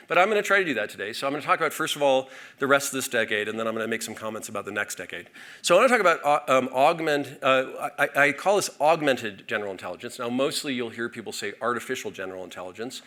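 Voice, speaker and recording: Bright-voiced man giving a keynote. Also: medium pitch. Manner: energetic, with frequent fillers and restarts. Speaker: keynote speaker. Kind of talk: conference keynote talk. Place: conference stage.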